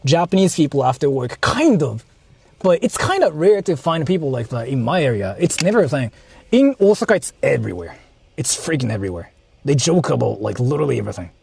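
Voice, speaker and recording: A man's voice: medium pitch, very animated, brisk, gravelly, a little mellow, slightly rough. A man vlogging while he drives, talking in a rambling, casual way, full of fillers and swearing. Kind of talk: casual chat while driving. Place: in a car. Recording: faint road noise in a car. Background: faint car and street noise.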